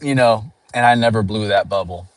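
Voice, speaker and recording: A man's voice: lowish voice, brisk, no room sound. A sleep-deprived comedian chatting casually as he drives, rambling with lots of fillers and restarts. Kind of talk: casual chat while driving. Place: in a car.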